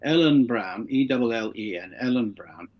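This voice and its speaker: Sharing long anecdotes as an interview guest, a middle-aged man plays out the voices of the people in his stories in a casual, storytelling style. His mid-range voice has lively intonation and a moderate pace, and the sound quality is lo-fi.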